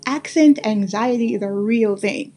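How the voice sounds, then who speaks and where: A woman's voice: fairly high pitch, measured pace, dark tone, slightly rough. A woman host from Brooklyn with a mixed Guyanese and New York accent, talking straight to her listeners in a casual monologue, emphatic and repeating phrases for stress. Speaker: podcast host.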